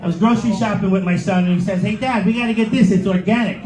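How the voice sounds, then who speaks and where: A man's voice: sits high, fairly even intonation, fast, a little mellow. A middle-aged man doing a stand-up comedy set, telling crude, sarcastic stories on stage in a comedy club. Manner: crude, sarcastic storytelling with acted quotes. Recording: roomy club with crowd laughter.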